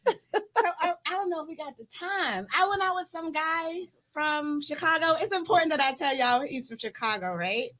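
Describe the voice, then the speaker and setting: A woman co-hosting a group chat, telling a dating story in a lively, dramatic way. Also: high voice, moderate pace. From Washington, D.C. area. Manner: lively, dramatic retelling with laughs and quoted voices. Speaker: co-host.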